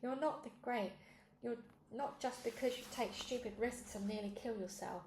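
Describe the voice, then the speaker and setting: Woman reader as a small weepy boy, pleading, pitched up, in a roomy storybook read-along. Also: moderate pace, a little mellow, a little hiss or hum, lightly acted. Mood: upset. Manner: sniffling, pleading. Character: timid, tearful young boy.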